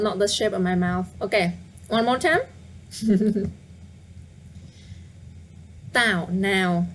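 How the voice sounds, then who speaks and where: Woman, live online teacher, patient, slow speech, faint background hiss. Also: fairly high pitch. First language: Vietnamese. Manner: patient, repeats words slowly, asks viewers to guess. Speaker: Vietnamese teacher. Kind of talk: live online language lesson.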